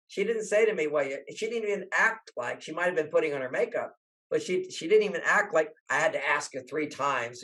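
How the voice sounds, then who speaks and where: This older relationship author spins stories during an interview, animatedly acting out each quoted voice. He speaks at a moderate pace with a somewhat high voice, and the recording quality is low.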